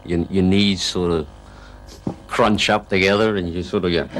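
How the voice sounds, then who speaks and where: A rock guitarist talking casually in an interview, rambling and filling gaps with "you know", now and then chuckling. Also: male voice, sits low. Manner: chuckles while telling stories.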